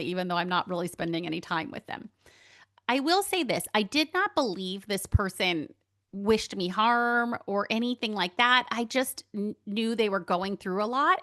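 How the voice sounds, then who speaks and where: A woman in her young adult years hosts a spiritual podcast, talking through her own experiences in a loose, candid way. She laughs easily and fills pauses with "um" and "like". Her voice sits at a middle pitch, recorded dry and close with no room echo. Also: a bit bright. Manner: chatty, candid, laughs often, many fillers. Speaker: podcast host. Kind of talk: casual spiritual monologue.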